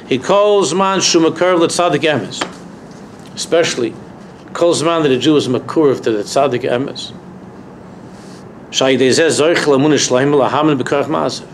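A man's voice: medium pitch, slight background noise. A man, a rabbi, teaching a Torah class to students in an emphatic, repetitive way that builds to impassioned peaks. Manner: emphatic, repeats key phrases, rising to impassioned peaks. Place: university lecture room.

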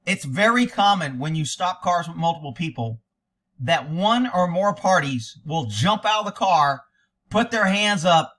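A blunt, sarcastic man commenting on police footage as a cop would, with a bright, forceful edge to his voice. His voice sits a little high for a man, and he swears freely as he tears into what he hears. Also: animated, a little slow. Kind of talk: reaction commentary.

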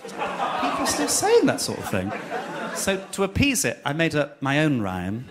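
A man doing stand-up on stage into a microphone, his voice bouncing up and down with camp, chatty energy. He slips into little impressions for the punchlines. Audience laughter rolls clearly through the live recording. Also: on the high side, wildly swooping pitch, measured pace, crowd noise, background noise. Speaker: stand-up comedian. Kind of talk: stand-up comedy set.

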